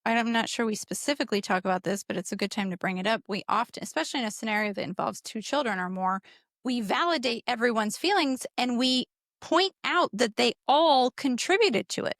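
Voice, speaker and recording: A woman's voice: on the high side, a little fast, fairly bright tone, dry recording, clean studio sound. A woman co-hosting a parenting podcast in casual talk, direct and emphatic, jumping in to add points. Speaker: podcast co-host.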